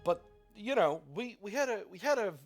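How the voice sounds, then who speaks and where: A man talks through his game choices in a chatty, thinking-aloud way, laughing easily and tripping over his words now and then. His voice is a little high for a man. Faint music plays under him. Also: expressive, moderate pace. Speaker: let's play host. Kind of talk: casual gameplay commentary.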